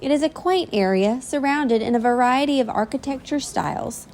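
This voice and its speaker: Brief: earnest, polite AI field reporter, slightly high, woman plays it. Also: moderate pace, a little mellow, slight background noise, lightly acted. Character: polite AI assistant reporter, female.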